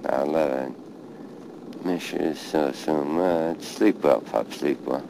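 Very deep, gravelly-voiced grieving man. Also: mellow, a little hiss or hum, rough recording. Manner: grieving, halting, repeats himself. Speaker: street hustler. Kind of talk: documentary monologue at a grave. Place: outdoors at a cemetery by a car.

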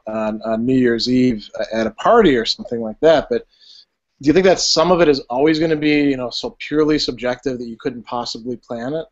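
A man's voice: mid-range voice, lo-fi sound. A man hosting a philosophy show, asking thoughtful, hesitant questions with many fillers. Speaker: philosophy show host, interviewer. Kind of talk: casual interview.

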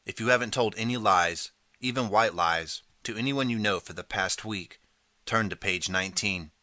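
A man reading a choose-your-path storybook aloud in the second person, steady and clear. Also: lowish voice, moderate pace, dry recording. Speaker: audiobook narrator.

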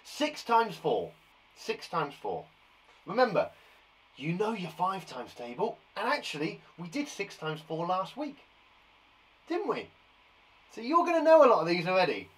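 Teaching young children maths in a live online lesson, an English primary school teacher counts aloud and cheers them on with chatty asides. He has a high-pitched voice, and the recording is rough.

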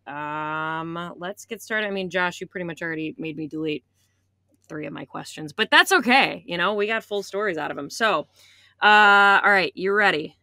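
A woman co-hosting a podcast, upbeat as she leads a round of quick questions. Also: lowish voice, pushed and bright, dry recording, studio quality. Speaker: podcast co-host. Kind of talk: casual podcast interview.

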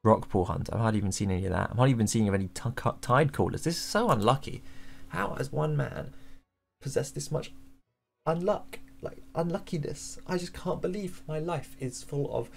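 A man streaming games with casual, deadpan, mock-dramatic commentary. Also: medium pitch, brisk, creaky, soft background music.

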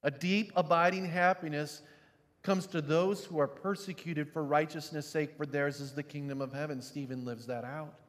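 A pastor giving a sermon, dropping to quiet, low reflection and rising to loud, emphatic preaching. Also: male voice, fairly even intonation, moderate pace, long reverb tail.

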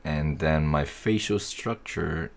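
A young man casually talking through a software tutorial, thinking aloud as he works. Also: extremely low pitch, slow pace, creaky. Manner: easygoing, thinking aloud while working. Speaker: tutorial host.

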